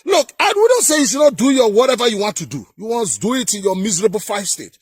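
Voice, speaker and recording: A man delivering heated political commentary in a vlog, emphatic and sing-song, often breaking into shouts. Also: sits high, very animated, fast, breathy edge, dry recording.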